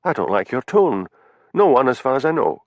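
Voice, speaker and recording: A man plays a haughty actress who answers in clipped, indignant bursts. Her voice sits a touch above his low, gravelly tone, with lively swings in pitch. It sounds close and dry, like a storybook reading. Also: moderate pace, dry recording, dull audio. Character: haughty middle-aged woman actress, defensive.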